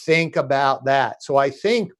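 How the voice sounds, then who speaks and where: Animated man acting out sales scenes. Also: medium pitch, measured pace. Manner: animated storyteller, acts out dialogues with customers. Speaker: co-host. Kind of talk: casual podcast discussion.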